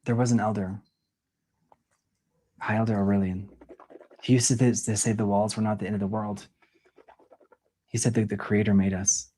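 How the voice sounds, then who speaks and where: Mira, read by a man as a hushed young woman. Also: lowish voice, level tone, moderate pace, long pauses, natural voice. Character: Mira, young woman of an underground world, secretive. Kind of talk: audition scene reading.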